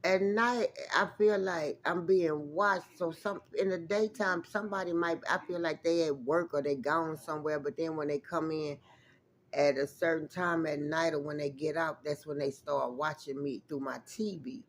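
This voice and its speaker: A woman's voice: sits low, steady tone, moderate pace. A woman vlogger telling a rambling, emphatic story to her viewers in a casual way, swearing freely and calling out to them as y'all.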